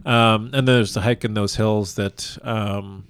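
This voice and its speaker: A man's voice: on the low side, fairly even intonation, slow pace, fairly bright tone, clear, resonant tone, dry recording. Guy rambling thru a funny personal story, laughs a lot, super dry close mic. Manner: rambling, self-deprecating, laughs often. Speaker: guest telling his proposal story. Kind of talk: casual storytelling interview. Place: lives in a large US city.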